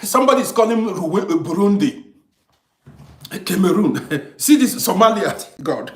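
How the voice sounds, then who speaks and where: Fired-up man, high lively voice. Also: measured pace, reverberant. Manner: lecturing, repetitive, emphatic. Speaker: live streamer reading comments. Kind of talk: heated monologue to viewers.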